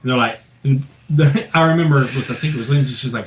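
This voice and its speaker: A man tells a ghost story in a loose, profane chat, and his voice swings between lively bursts and a low hush for the scary parts. His pitch sits in the middle for a man. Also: quick pace, a little hiss or hum, low-quality recording. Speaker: paranormal investigator guest. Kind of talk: casual storytelling.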